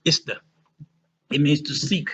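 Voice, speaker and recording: A man teaching a casual Arabic lesson who often checks in with "right?" and "okay?" and slows down to spell out words. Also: a little high, muffled recording, a little hiss or hum.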